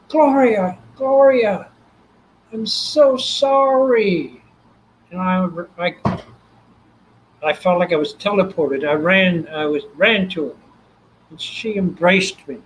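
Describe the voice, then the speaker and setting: An older man from Texas with a Texan accent, a guest telling his story in an animated way and acting out the voices. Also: fairly high pitch, measured pace, a little hiss or hum, poor audio. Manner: animated, acts out quoted voices. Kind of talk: storytelling interview.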